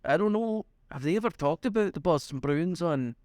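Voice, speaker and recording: A podcast co-host rambles and teases while joking with his friend in casual chat. His voice is on the high side and a little mellow, with lively intonation at a normal speed, in clean studio sound with no room echo.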